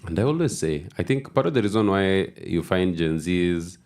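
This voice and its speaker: Very deep-voiced man explaining on radio. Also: expressive, darkish tone. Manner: measured, explanatory, repeats words as he builds a point. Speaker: radio guest. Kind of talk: radio talk show discussion.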